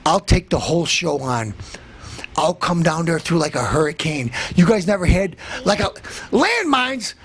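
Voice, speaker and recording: A man hosting a comedy show, ranting in a boastful tough-guy manner, threatening to beat everyone up and breaking into shouts. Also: fairly high pitch, big pitch swings, moderate pace, breathy edge. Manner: bursts into shouting. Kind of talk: comic tough-guy rant.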